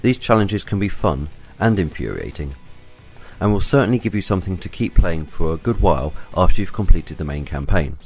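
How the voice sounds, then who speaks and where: A man reading a scripted game review voice-over in a measured, even way. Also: deep voice, soft background music.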